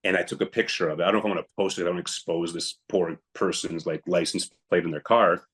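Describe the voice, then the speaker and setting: Speaking fast and with fairly level intonation, a young man with a very low, slightly bright voice tells a difficult personal story as a podcast guest. He doesn't soften anything, leans on emphasis, and repeatedly dramatizes what he said in the moment.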